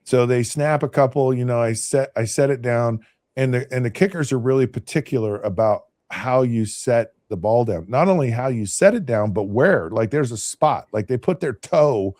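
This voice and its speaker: Mellow-voiced man telling rambling stories. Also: mid-range voice, moderate pace, dry recording, studio quality. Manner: rambling, with frequent restarts and repeated words. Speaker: podcast host and former NFL quarterback. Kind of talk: casual anecdotal storytelling.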